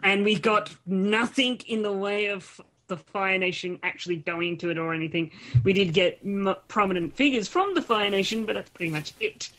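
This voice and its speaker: A woman's voice: mid-range voice, normal speed, fairly bright tone. Casting: woman host, casual online chat show, talks in loose bursts with restarts. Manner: chatty, restarts often. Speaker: podcast host. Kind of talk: casual group chat on a call. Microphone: home mic on a voice call.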